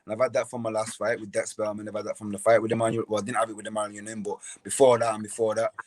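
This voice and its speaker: A man's voice: fairly low pitch, level tone, racing, no room sound. Dry-sounding man, stumbling restarts. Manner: repeats words and restarts often, says sorry for slips. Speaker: professional boxer, guest. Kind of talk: casual interview talk.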